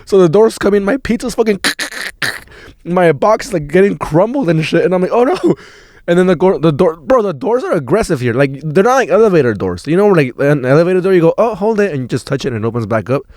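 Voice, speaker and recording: A young man telling a story on his podcast, swearing freely and piling on filler words as he rambles on with excitement. His voice sits a little higher than most men's. The sound is close and dry, with no room in it. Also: fast, dry recording. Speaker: podcast host.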